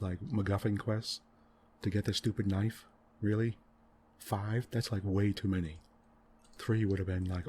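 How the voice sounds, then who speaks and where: A low-pitched man talking quietly in soft-spoken gaming commentary, rambling on in an exasperated rant and tossing in "right?" and "you know" at every turn. A faint hiss sits under his voice. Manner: rambling, exasperated ranting about a game plot; frequent tag questions and fillers. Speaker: gaming channel host.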